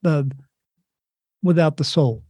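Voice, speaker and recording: A man's voice: on the high side, slow, dark tone. A man hosting a podcast interview, affirming his guest with frequent short agreements. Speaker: host. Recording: dull lo-fi audio.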